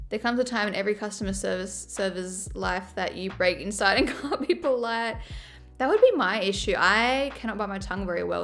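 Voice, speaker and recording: A woman chatting casually on a livestream, animated and quick to laugh. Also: medium pitch. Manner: chatty, giggly, animated storyteller.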